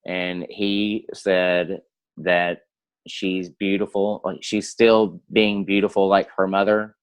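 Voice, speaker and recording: A man chatting as a podcast guest, halting and hesitant, with many pauses and restarts. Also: low voice, flat delivery, clear, resonant tone. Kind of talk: casual chat.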